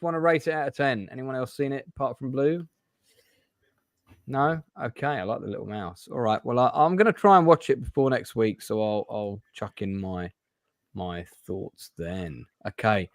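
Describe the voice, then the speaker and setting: A man's voice: mid-range voice, no echo, clean studio sound. A man hosting a casual film and TV chat, talking in a rambling, hesitant way with many restarts. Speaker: host.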